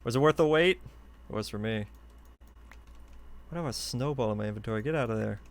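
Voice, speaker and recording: Male game streamer, mid-pitched, eager and chatty, thinking aloud as he plays; desk mic at home. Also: a little fast, vocal fry. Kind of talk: live gameplay commentary. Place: hot room at home.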